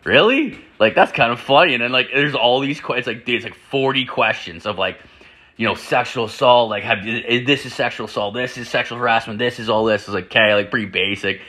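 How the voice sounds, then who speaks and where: A man ranting through a crude story in a loose, rambling way, with "like" in nearly every sentence and constant swearing. His voice is bright and forceful, at a middle pitch for a man. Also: fairly quick. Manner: rambling, profane, full of "like" fillers; animated, jumps into acted-out quotes. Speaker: podcast host.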